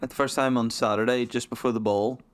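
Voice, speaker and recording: A man co-hosts a relaxed podcast. He rambles through his stories, pokes fun at himself and keeps the tone playful. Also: mid-range voice, fast, clean tone. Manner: self-deprecating, rambling, playful. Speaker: podcast co-host. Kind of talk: casual chat.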